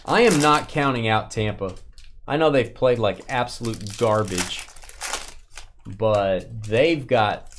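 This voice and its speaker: A man's voice: lowish voice, takes it slowly, noisy background. A man hosting a live sports card break, chatting casually as he opens packs and answers comments from viewers. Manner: chatty, reacting to pulls and chat comments.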